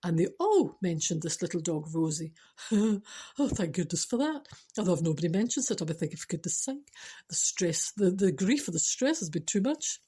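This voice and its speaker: A woman's voice: lowish voice, very animated, normal speed, mellow, slightly rough. An older Scottish woman telling a personal spiritual story in a chatty, laughing way, switching to earnest teaching. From Scotland. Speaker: spiritual vlogger. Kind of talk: casual storytelling to camera.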